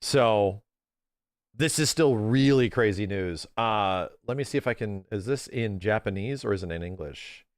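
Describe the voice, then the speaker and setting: A man chatting casually to his live-stream audience, excitable and quick to laugh. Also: on the low side, no echo, clean studio sound. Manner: excitable, talks to his chat, laughs easily.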